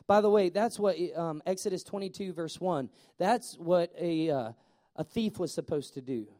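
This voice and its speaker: A man preaching a sermon as pastor, telling Bible stories in an animated way with acted-out voices. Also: sits high, normal speed.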